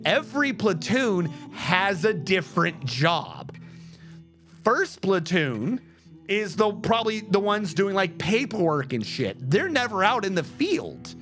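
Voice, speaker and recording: A man's voice: sits high, big pitch swings, measured pace, fairly bright tone, soft background music. A man streaming a game, chatting in a casual, profane rant and explaining things step by step.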